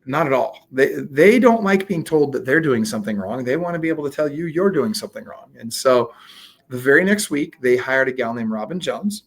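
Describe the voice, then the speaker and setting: A man being interviewed, telling a story in a casual, animated way, acting out quoted dialogue with lots of fillers. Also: medium pitch, a little fast. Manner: frequent fillers and restarts. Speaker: guest, real estate coach.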